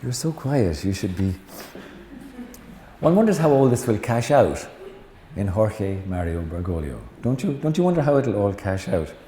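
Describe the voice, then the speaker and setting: Irish priest telling stories in a lecture, low mellow voice, echoey hall. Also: male voice, big pitch swings, normal speed. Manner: chatty, teasing the audience, tells stories. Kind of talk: informal lecture with anecdotes. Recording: echoey hall with faint noise.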